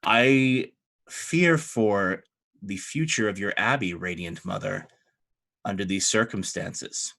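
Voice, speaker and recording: A man's voice: lowish voice, slow, gravelly, bright, forceful tone, exaggerated voice. A man voicing a pompous, threatening church official. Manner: formal, veiled threats.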